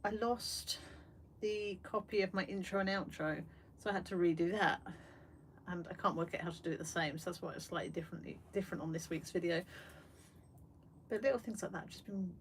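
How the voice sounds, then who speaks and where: Speaking fairly quickly in a lowish voice, an English art livestream host chats from her small shed studio. She's chatty and self-deprecating and rambles with fillers, over faint background noise.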